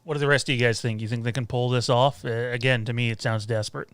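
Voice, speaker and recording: A man's voice: medium pitch, steady tone, fast, a bit bright, smooth, no room sound. A man hosting a podcast panel, leading the talk and putting questions to the others. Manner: leads the discussion, asks questions. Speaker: podcast host. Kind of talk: casual panel chat.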